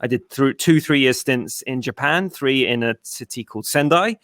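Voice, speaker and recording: English man, editor on a podcast, mid-pitched, wry and dry-humored, very dry close mic. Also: normal speed, fairly bright tone, no room sound. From southern England. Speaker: podcast guest co-host, editor. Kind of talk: casual podcast chat.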